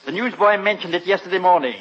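An actor playing a fussy English butler with dry, sly wit, in 1940s radio comedy style. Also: male voice, high voice, fast talker, heavy background noise, close to an everyday voice. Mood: dryly amused. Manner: formal, polite, sly teasing. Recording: muffled old radio broadcast.

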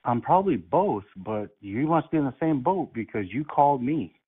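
Guy prank calling, calm and sarcastic, acts like he didn't do anything, sounds like a phone line. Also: mid-range voice, normal speed, slightly rough. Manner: calm, mocking, feigning innocence. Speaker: prank caller.

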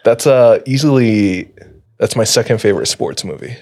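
A young man in casual chat with friends, relaxed and joking. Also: fairly low pitch, normal speed, a crowd in the background.

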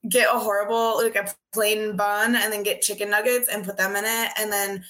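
A woman's voice: mid-range voice, little pitch movement, normal speed, a bit bright. A woman chatting casually on a podcast over a video call, filling her talk with "like" and laughing often. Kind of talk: casual chat.

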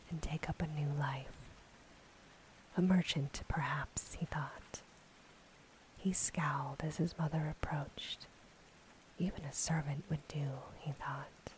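A woman whispering a calm, steady storybook narration in a whispered role-play. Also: deep voice, a little hiss or hum, rough recording.

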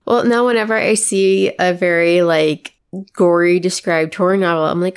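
A woman with a gravelly, croaky voice from a cold co-hosts a podcast. Her voice sits low with plenty of fry, and she chats in a rambling, wry way full of fillers. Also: steady tone, normal speed. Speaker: podcast co-host. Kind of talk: casual chat.

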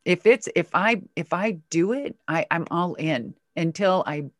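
A woman from Minnesota telling her life story casually in an interview, jumping up in pitch when she acts out what people said. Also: unhurried, dry recording, studio quality. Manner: animated, swings pitch for quoted voices. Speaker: guest.

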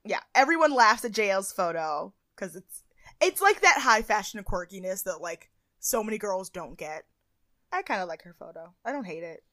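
A woman co-hosting a casual podcast chat, animated and playful, with a voice that cracks at times. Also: medium pitch, moderate pace, no echo, studio quality. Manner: chatty, animated, playful impressions of people. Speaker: podcast co-host. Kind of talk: casual chat recapping a reality show.

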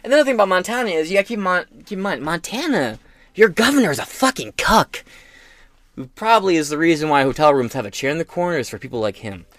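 A man's voice: on the high side, big pitch swings, quick pace, a bit bright, dry recording. Crude, ranting male podcast host. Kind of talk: profane political commentary.

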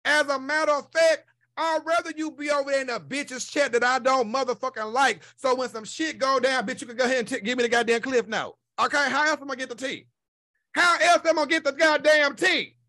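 High-voiced, bright man ranting. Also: steady tone, quick pace. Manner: profane, blunt, emphatic. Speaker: podcast host. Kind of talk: casual chat rant.

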